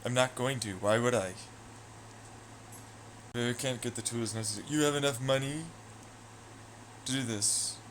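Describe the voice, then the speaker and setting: A man's voice: medium pitch, moderate pace, pauses often, noisy background. A man streaming live, chatting loosely with viewers, swearing and trailing off into asides. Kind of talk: casual rambling chat.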